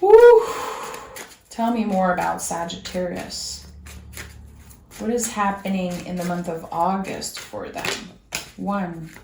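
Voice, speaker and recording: A woman's voice: fairly low pitch, steady tone, measured pace, creaky, slight background noise. Earnest French-accented woman, echoey room. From France. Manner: earnest and reassuring, speaking straight to the viewer. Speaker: tarot reader. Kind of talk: tarot reading monologue.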